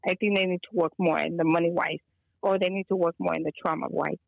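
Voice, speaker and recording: Woman from Chicago, rambling storyteller, mixes in Spanish phrases, gravelly voice, dull lo-fi phone audio. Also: lowish voice, fairly even intonation, quick pace, dry recording. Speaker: guest, energy healer. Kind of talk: casual phone-in chat. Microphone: phone call.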